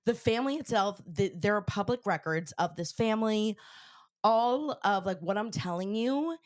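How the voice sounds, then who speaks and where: A young woman co-hosting a podcast, telling a story in a casual, excitable way with lots of filler words. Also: fairly low pitch, no echo, clean studio sound. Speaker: podcast co-host.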